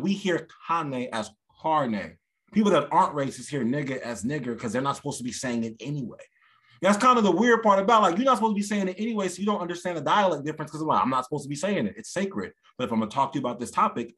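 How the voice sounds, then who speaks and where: Animated man, hosting a podcast chat. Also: fast. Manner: animated, slips into high put-on voices for quoted people. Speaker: podcast co-host; stand-up comedian. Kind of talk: casual chat.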